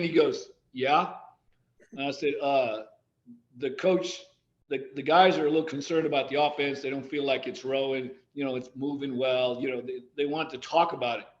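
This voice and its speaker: A man being interviewed on a podcast, telling lively anecdotes and quoting the people in them. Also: on the high side, reverberant, muffled recording. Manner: animated anecdotes, quoting others. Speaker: guest, athletic director and former coach. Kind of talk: storytelling in a casual podcast interview.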